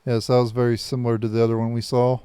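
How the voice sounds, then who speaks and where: A man hosting a gaming channel, reading game dialogue aloud for viewers in a plain, unhurried way with small restarts. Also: medium pitch, flat delivery, dark tone, clean tone, no room sound.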